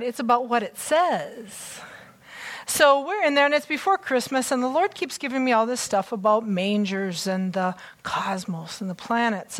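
Lady preacher giving a chatty sermon, kinda high voice, gets all excited and pokes fun at herself. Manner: chatty and excitable, with self-mocking asides. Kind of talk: conversational sermon.

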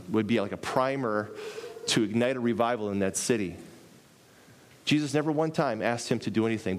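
Animated man preaching a sermon. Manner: animated, acts out dialogue with pitch jumps; repeats phrases for emphasis.

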